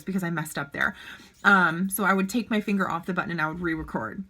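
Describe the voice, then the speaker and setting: A woman's voice: fairly low pitch, steady tone, brisk, bright, forceful tone. A woman leading a sales team, talking casually and bubbly to camera from a child's bedroom, often checking in with the viewer. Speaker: network marketing team leader. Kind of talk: casual vlog advice.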